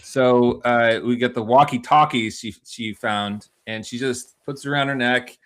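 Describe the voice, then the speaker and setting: Man, podcast co-host, relaxed, plainspoken, casual chat, dry remarks. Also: medium pitch, measured pace.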